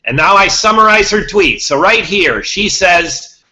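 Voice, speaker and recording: A man's voice: high-pitched, lively intonation, unhurried, sharp tone, low-quality recording. A man hosting a podcast, talking to his listeners in a rambling monologue, repeating himself and restarting words. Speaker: podcast host.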